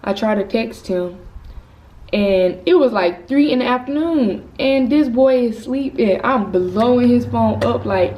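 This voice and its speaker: A woman's voice: on the high side, measured pace, mellow. Teen girl telling a candid story. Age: teens. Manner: casual, rambling, candid. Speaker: vlogger. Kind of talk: storytime vlog. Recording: slightly distant mic with faint noise.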